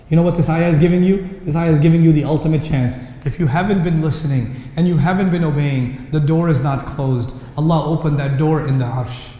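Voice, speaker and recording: A man giving an impassioned lecture on Quran verses, mixing English with Arabic recitation and rising to near shouting. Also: on the high side, fairly quick, few pauses. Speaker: Islamic lecturer. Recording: echoey hall reverb.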